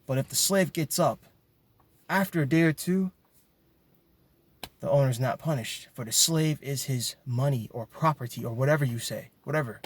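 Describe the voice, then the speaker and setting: A man's voice: medium pitch, moderate pace, slightly rough. A man delivering an impassioned monologue to his viewers, emphatic and ranting, often repeating words as he gets worked up. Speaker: video commentator.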